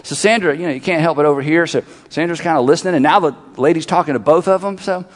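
A middle-aged male pastor with a notably high voice, preaching in an animated way and hammering his points home through repetition. His words ring out with a long reverb across a big church auditorium. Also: fast. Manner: animated, repeats phrases for emphasis, leads congregation in call-and-response. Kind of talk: sermon.

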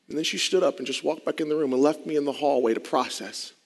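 A man telling his own life story as a dramatic speech, moving between hushed asides and loud, intense passages. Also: fairly high pitch, fast, hardly any pauses. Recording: long reverb of a large hall.

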